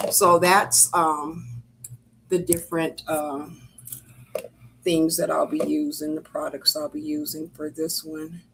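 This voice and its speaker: An older woman with a low voice talks loosely through a crafting live stream, wandering between thoughts and filling pauses with ums and uhs. She sounds like she is at home in her craft room, speaking into a webcam setup. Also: a little hiss or hum. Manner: chatty and rambling, with many ums and uhs. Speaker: crafting channel host. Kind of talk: casual live-stream chat. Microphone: computer webcam setup.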